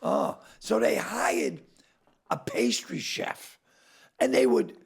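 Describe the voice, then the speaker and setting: An older man, a comedian guest, telling stories in casual chat, acting out dialogue in quick bursts with a gravelly, husky voice. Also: sits high, huge pitch swings.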